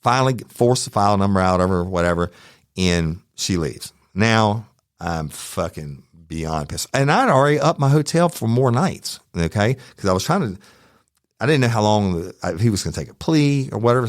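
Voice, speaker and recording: A man's voice: on the low side, no echo, clean studio sound. A middle-aged man with a Southern Louisiana accent, telling a heated true crime story on his podcast, cursing often and quoting back-and-forth exchanges. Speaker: podcast host.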